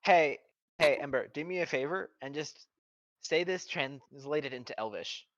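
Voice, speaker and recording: A man playing a tabletop game, jokey and animated. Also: fairly high pitch, a little slow, no room sound, muffled recording. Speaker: player. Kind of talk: casual tabletop play.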